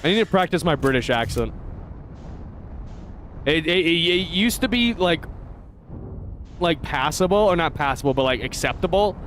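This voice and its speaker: American male streamer, high-ish lively voice, excitable and profane, chatting with viewers mid-game. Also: normal speed, long pauses, slight background noise. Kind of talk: live gameplay commentary.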